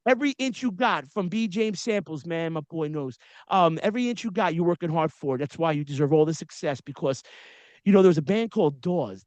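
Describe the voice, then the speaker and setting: A podcast host in his forties with a high voice talks to guests in a loose, slangy style. He keeps telling long stories full of asides. The sound is dry and close, with no room echo. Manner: storytelling with frequent slang and asides. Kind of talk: casual interview chat.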